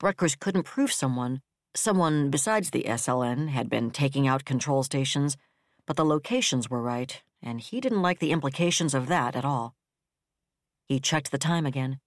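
An audiobook narrator reading military science fiction in a steady, even storytelling manner. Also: medium pitch, moderate pace, no echo, clean studio sound.

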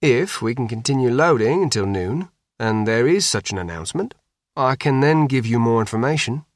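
A man voicing a calm, guarded middle-aged father who speaks in measured, careful sentences. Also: mid-range voice, dry recording, studio quality, lightly acted. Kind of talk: audiobook reading.

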